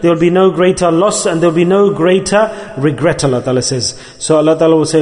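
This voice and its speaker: A high-pitched man preaches a Sufi sermon in a mosque, stressing his points by repeating them and putting questions to the congregation. He sprinkles Arabic and Urdu religious terms through his English. His voice rings out with a long echo off the hall. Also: fast talker, few pauses, darkish tone. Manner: emphatic, repeats phrases, asks the audience questions. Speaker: Sufi shaykh preaching on dhikr.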